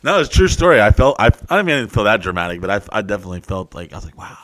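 A young adult man in casual, profane podcast banter, telling stories with exaggerated high-pitched quoted voices. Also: rapid-fire, no echo. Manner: profane, animated storytelling with high mocking put-on quotes.

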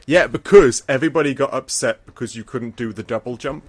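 A man co-hosts a podcast in relaxed, casual conversation. He rambles, restarts his sentences often and laughs easily. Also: mid-range voice, brisk, slightly rough. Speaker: podcast co-host. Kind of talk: casual chat.

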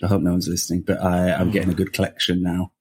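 A man's voice: sits low, monotone, fast, a little mellow, husky. A man from Wakefield in England co-hosting a podcast, chatting casually and making self-deprecating jokes. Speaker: podcast co-host. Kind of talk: casual chat.

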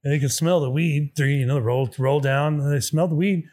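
A man spins a story in casual conversation, his voice sitting a little high. He swears constantly and plays out each side of the exchange himself. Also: a little fast. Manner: profane, animated, acts out dialogue. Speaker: guest telling a story.

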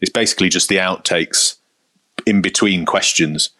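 A man's voice: low voice, moderate pace, no echo. A man chatting about football as a podcast panelist, telling stories animatedly. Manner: animated storyteller, mimics managers in quotes. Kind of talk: casual football chat.

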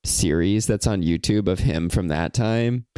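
A man co-hosting a podcast in casual chat, talking quickly and animatedly and jumping in with ideas. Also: low-pitched, a little mellow, clear, resonant tone, no room sound. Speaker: podcast co-host.

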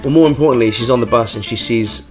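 A man co-hosting a podcast in a loose, jokey way, spinning anecdotes and now and then singing snatches of old songs. His voice sits at a middle pitch for a man. Faint guitar music plays behind him. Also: fast talker. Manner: jokey, storytelling, bursts into singing song lines. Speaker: podcast co-host. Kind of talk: casual chat.

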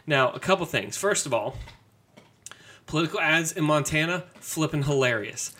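A man's voice: on the high side, expressive, moderate pace, pushed and bright. A man hosting a casual talk show, telling a story in a chatty way with stammered restarts. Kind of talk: casual chat.

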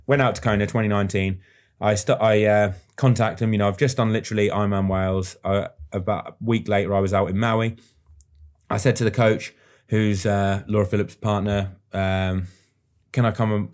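An English man co-hosting a podcast, chatting casually and quickly, with banter and the odd swear word. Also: fairly low pitch, darkish tone. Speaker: podcast co-host. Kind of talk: casual chat.

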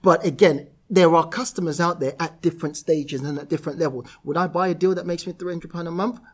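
A man with a British accent, a guest on a podcast interview, telling lively stories about his work and voicing other people in quotes. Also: a little high, fast. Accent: British English. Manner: animated storyteller, voices others in quotes. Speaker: property entrepreneur guest.

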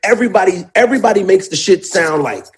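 Animated, profane man telling a story. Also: high-pitched, fast, a little hiss or hum. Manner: animated, emotional storytelling full of profanity and slang. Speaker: songwriter. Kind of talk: casual storytelling in an interview.

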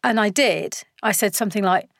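A middle-aged woman chatting casually as a guest, animated and laughing, acting out quoted lines. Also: mid-range voice, brisk, gravelly, no echo, clean studio sound. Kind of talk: casual chat.

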